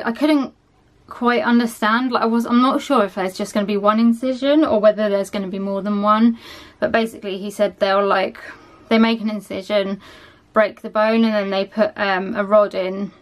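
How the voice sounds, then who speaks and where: A young woman talks casually to her vlog audience. She sounds tired and sluggish, and her speech wanders with lots of fillers. Her pitch sits in the middle for a woman. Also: little pitch movement, moderate pace, few pauses. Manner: chatty, rambling, lots of ums and likes. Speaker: vlogger. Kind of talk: casual chat.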